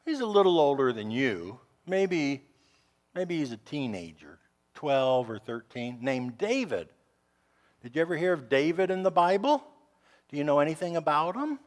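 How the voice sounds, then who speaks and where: A male pastor chatting with children and acting out a story with friendly, animated voices. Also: a little high, moderate pace.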